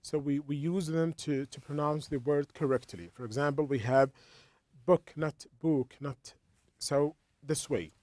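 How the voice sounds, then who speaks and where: A man walks students through English grammar, restarting phrases and repeating small words. His voice sits a little high, and the recording is dry and close with no room sound. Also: darkish tone, no room sound. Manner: halting, repeats words while explaining. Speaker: English teacher. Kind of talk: explaining a textbook lesson.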